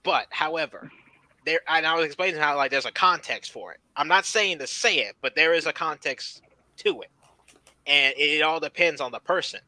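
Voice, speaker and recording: A man's voice: on the high side, normal speed, bright, forceful tone, no room sound, poor audio. A man chatting casually with friends on a podcast, telling a long rambling story with lots of repeated words. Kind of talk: casual chat.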